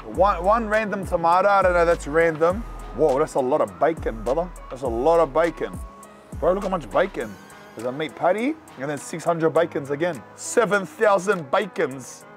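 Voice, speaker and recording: A young man with a Sydney accent reviewing burgers in a casual vlog, talking in loud slangy banter. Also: moderate pace, soft background music. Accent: Australian, Sydney. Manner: loud slangy banter, animated swings in pitch. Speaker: food reviewer and vlogger. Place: outdoors and in burger shops around the city.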